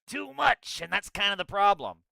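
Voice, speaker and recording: A young man with a bright, crisp voice hosts a live stream, reacting to his chat. He rants in a sarcastic, crude way. His voice sits a little high and is recorded dry and close, with no room sound. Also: big pitch swings, normal speed, no room sound. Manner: mocking impressions in a goofy voice. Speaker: political streamer.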